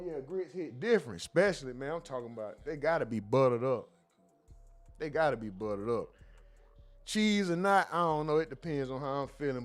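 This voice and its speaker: Loud slangy man hosting a stream. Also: a little high. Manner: loud, laughing, slangy banter with sudden outbursts. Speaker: livestream host reading chat. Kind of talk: casual commentary stream.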